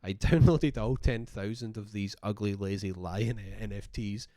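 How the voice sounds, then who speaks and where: A man co-hosting a casual podcast, his voice sitting a little low. He rambles, cuts himself off and laughs along the way, like an easy chat over a beer. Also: normal speed, warm tone. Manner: rambling, self-interrupting, laughs often. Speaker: podcast co-host. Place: garage.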